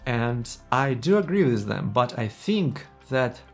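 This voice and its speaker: A man's voice: mid-range voice, big pitch swings, unhurried, creaky, soft background music. A man talking to camera in a casual tech vlog, earnest and enthusiastic, with slightly non-native phrasing. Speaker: tech YouTuber.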